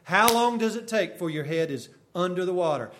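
A man preaching a sermon, swinging from sudden loud bursts to hushed, quiet lines. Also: high-pitched, lively intonation, brisk, a little hiss or hum.

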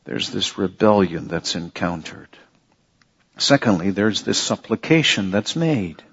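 Slow, husky-voiced preacher man. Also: deep voice, big pitch swings, fairly bright tone, in a large hall. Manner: earnest, repeats phrases for emphasis, rhetorical questions. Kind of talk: sermon. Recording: dull lo-fi sermon recording.

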